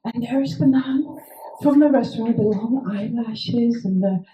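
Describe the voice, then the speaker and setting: Non-native woman storyteller, casual and foul-mouthed, dark mellow voice in an echoey room. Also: a little high, moderate pace, muffled recording. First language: not English. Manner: swears freely, rambling with many fillers. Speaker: author telling a personal story. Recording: echoey room, faint noise.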